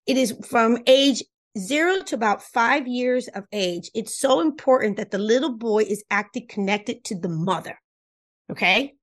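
A woman whose first language is Spanish, a relationship coach explaining ideas in an interview, lively and emphatic, repeating points and laughing often. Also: a little high, normal speed. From Cuba. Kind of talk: animated explanatory interview talk.

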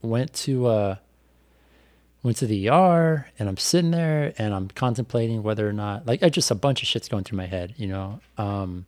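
A man's voice: on the low side, expressive, normal speed, a little mellow, no room sound, clean studio sound. A man, a bike racer, telling a personal story on a podcast in a candid, reflective way with lots of fillers. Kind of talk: casual podcast conversation.

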